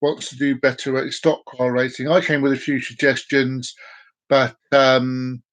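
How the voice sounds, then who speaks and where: A man's voice: medium pitch, level tone, a little slow, fairly bright tone. A man rambling playfully to camera in a solo vlog, joking and talking to himself in a sing-song way. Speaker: vlogger.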